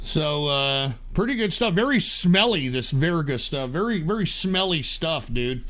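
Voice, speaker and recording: A man's voice: on the high side, lively intonation, measured pace, fairly bright tone. A man hosting a livestream, ranting angrily and cursing constantly, stammering through restarts. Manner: profane, angry ranting. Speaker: livestream host.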